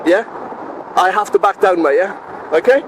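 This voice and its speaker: A man's voice: sits high, moderate pace. A man stopped by police at a roadside, filming on his phone and arguing in an insistent, repetitive, confrontational way. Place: roadside by a highway, outdoors. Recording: loud roadside traffic noise.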